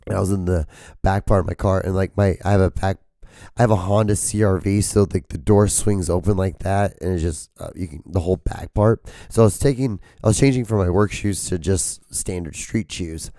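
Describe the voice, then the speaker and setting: A man's voice: sits low, brisk, mellow, no room sound. A man hosting a podcast who has lost his voice. He rambles casually in a strained, cracking voice, filling his speech with "like" and swearing. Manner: profane, rambling, full of fillers. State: hoarse, losing his voice. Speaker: podcast host.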